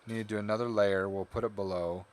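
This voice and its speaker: A man's voice: lowish voice, steady tone, fast, a little hiss or hum. A man casually talking through his digital coloring on a live stream, tired and rambling, often correcting himself. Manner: rambling, self-correcting, chatty. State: tired, yawning. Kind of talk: casual live-stream commentary while drawing.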